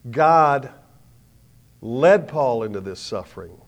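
Older man preaching with dramatic swings. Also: medium pitch. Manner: swings from hushed to loud, dramatic pauses. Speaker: speaker. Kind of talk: sermon storytelling.

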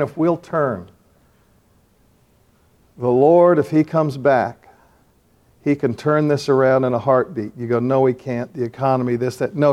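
An older preacher delivering a sermon and fervent prayer to a room of men. His mid-pitched voice swells into loud calls and then falls to hushed pleading.

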